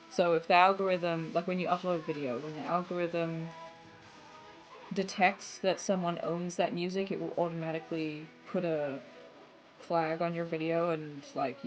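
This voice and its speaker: A young woman with an Australian accent chatting casually while streaming a game, laughing often and filling pauses with ums and likes. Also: on the low side. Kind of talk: casual gameplay commentary.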